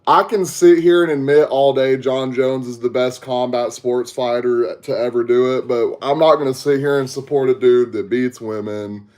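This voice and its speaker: A man's voice: medium pitch, fairly even intonation, moderate pace, few pauses, a little mellow. A young man from Texas with a Southern accent, hosting a podcast livestream and chatting casually with viewers through a headset mic. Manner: laid-back, slangy, talks to chat. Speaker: podcast host.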